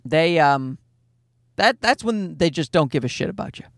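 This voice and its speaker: A man's voice: on the high side, lively intonation, moderate pace, gravelly, a bit bright, dry recording, studio quality. A man in his thirties telling a casual comic story in a sarcastic, profane rant.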